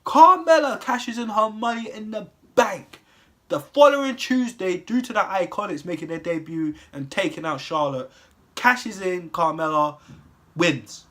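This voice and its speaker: A man's voice: high voice, unhurried, a bit bright. A young man delivering a heated, profane rant with exasperated rhetorical questions. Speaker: wrestling commentary vlogger. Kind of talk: profane ranting monologue.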